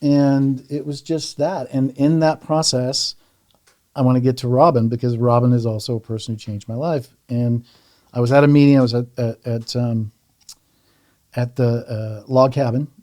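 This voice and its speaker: A middle-aged man, a podcast guest, telling stories in a relaxed chat, animated and casually profane. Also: mid-range voice, normal speed. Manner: animated storyteller, swears casually. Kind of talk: casual storytelling conversation.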